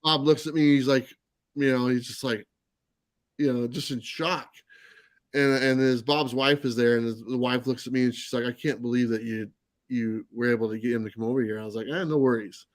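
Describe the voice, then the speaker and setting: This comics channel host speaks fairly quickly in a steady, medium-pitched tone, recorded dry through a live stream mic. Chatting casually on his livestream, he works through a long anecdote packed with fillers and restarts.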